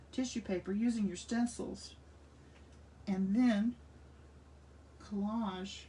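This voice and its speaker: In her sixties, this art instructor chats enthusiastically while demonstrating a craft, thinking aloud as she goes. Her medium-pitched voice is mellow, and because she's slightly off-mic and far from it, faint room noise comes through.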